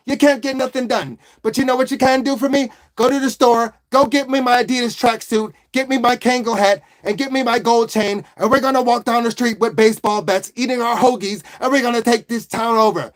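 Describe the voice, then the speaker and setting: A man putting on an Italian-American accent, playing a bossy, boastful male mob boss who scolds his crew. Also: extremely high pitch. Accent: put-on Italian-American.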